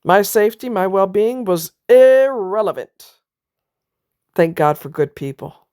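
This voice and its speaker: A woman's voice: medium pitch, lively intonation, unhurried, dark tone, clear, resonant tone, no room sound, studio quality. A woman vlogger telling a personal story in a blunt, emphatic way, now and then swearing. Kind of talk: casual personal monologue.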